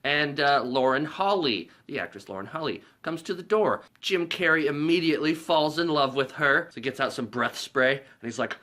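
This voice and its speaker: A man's voice: on the high side, moderate pace, hardly any pauses, pushed and bright. A man hosting a casual movie review vlog, recapping scenes in a rambling, profane way and laughing along.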